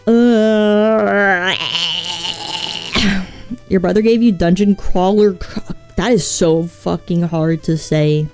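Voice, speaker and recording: A woman streaming live with a scratchy, mellow voice, rambling between topics and swearing freely. She is self-mocking and casual in her delivery. Faint music plays behind her. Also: mid-range voice, fairly even intonation, takes it slowly, long pauses. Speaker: VTuber streamer.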